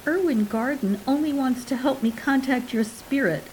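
A woman's voice: normal speed, darkish tone, slight background noise, close to an everyday voice, low-quality recording. A woman doing a prattling flighty wife. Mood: tearful. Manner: gushing, raised pitch. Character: fussy middle-aged wife, prattling and flighty.

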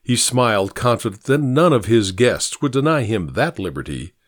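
A man's voice: mid-range voice, very animated, moderate pace, dry recording, clean studio sound. A man narrating a story as an audiobook reader, lightly voicing the characters in the dialogue. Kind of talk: scripted narration.

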